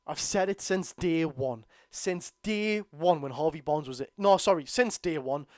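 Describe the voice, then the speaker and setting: Exasperated and outspoken, a young Geordie streamer from North East England rants bluntly during a live football watchalong. His strongly accented voice is high for a man and a little mellow, his pace measured, and the close, dry recording has no room sound.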